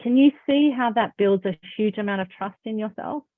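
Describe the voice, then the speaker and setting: A woman coach gives a motivational talk in an encouraging, emphatic way, her voice at a middle pitch. The sound is narrow and phone-like, as over a video call, and the room sounds dry. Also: normal speed, no room sound. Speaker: confidence coach.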